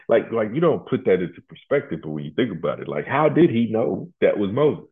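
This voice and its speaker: Deep-voiced preacher guy, stumbles n repeats words, casual talk, sounds like a phone. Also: sing-song. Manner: halting, repeats words, colloquial. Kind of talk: sermon. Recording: tinny phone-like line.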